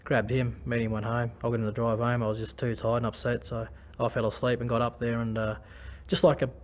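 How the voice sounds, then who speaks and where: Australian man, former league player, candid testimony. Halting, restarts, level tone. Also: medium pitch, level tone. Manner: halting, many restarts and fillers. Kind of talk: personal testimony.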